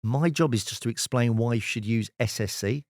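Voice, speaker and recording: A man, a sales expert guest telling lively anecdotes in an interview. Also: medium pitch, moderate pace, dry recording, studio quality. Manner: lively storyteller, animated anecdotes. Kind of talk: casual storytelling interview.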